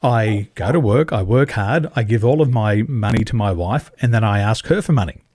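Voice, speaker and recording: A middle-aged man, a podcast guest, telling stories in an animated way and mimicking other voices for effect. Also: lowish voice, moderate pace, dry recording, studio quality. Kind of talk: conversational interview.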